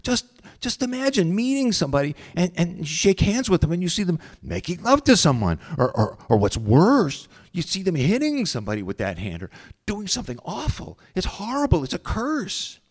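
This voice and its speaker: A man voicing an excitable, shy young psychic man who speaks high and eager. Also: quick pace, gravelly, heavily acted. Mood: anguished.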